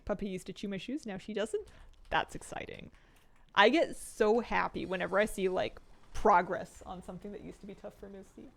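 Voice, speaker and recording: A woman streaming a video game, chatting casually with her viewers, laughing often and switching to high baby talk with her pets. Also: a little fast, gravelly, fairly bright tone, slight background noise.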